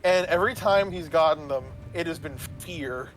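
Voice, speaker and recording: A man's voice: on the high side, moderate pace, soft background music. A man who runs tabletop games, casually retelling a session in a rambling way, swearing and asking "right?" as he goes. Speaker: game master. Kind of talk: casual storytelling about a tabletop game.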